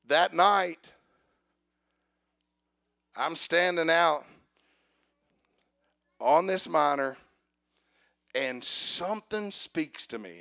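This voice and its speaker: A man preaching a sermon, telling a personal story with acted dialogue and building to loud calls for amen. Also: on the high side.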